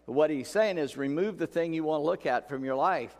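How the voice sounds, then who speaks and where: A man's voice: fairly high pitch, fairly quick, a little mellow. Folksy preaching man in a reverberant hall. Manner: conversational, folksy preaching with repeated phrases. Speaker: pastor. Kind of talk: sermon.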